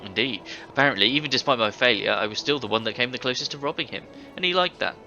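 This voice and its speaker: A boastful middle-aged ex-thief. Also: male voice, medium pitch, fast, sharp tone, soft background music. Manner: boastful, hearty storytelling. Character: older male ex-thief, boisterous tavern storyteller. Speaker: game character. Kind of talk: video game voice acting. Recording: dull game audio with faint hiss.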